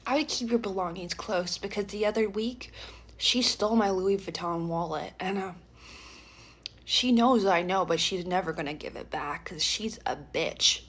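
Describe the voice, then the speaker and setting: A woman voicing Leslie, a sugary but two-faced middle-aged woman, in a low syrupy voice. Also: normal speed, fairly bright tone, breathy edge.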